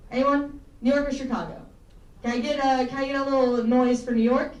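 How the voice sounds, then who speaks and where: A woman's voice: sits high, fairly even intonation, fairly quick, slight background noise. A young woman from Tennessee doing a rambling, self-deprecating stand-up set for a small live audience, swearing often. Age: young adult. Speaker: stand-up comedian. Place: small campus comedy room, live audience. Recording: roomy, mic picked up from a distance with faint ambience.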